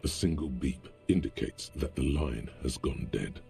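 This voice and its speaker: A man giving scripted narration for a video game, in a measured tone. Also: a bass voice, dark tone, exaggerated voice. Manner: gravelly, measured. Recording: game audio over the stream, faint music.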